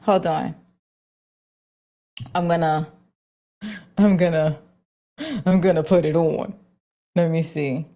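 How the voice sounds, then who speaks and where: A woman's voice: sits low, steady tone, takes it slowly, pauses often, warm tone. A woman hosting a casual livestream, talking bluntly with plenty of swearing and restarting her sentences as she goes. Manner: blunt and profane, with frequent restarts. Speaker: host.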